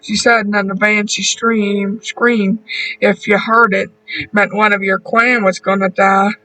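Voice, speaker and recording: A man voicing a weary, drunk man with a hoarse voice and blunt, brash talk. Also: sits high, flat delivery, a little slow, pushed and bright, slight background noise, poor audio. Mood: gruff.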